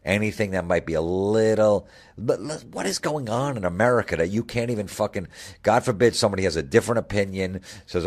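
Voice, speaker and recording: A man's voice: fairly low pitch, animated, a little fast, darkish tone. A middle-aged man hosting a comedy podcast, ranting bluntly and swearing constantly. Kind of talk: profane comedic rant.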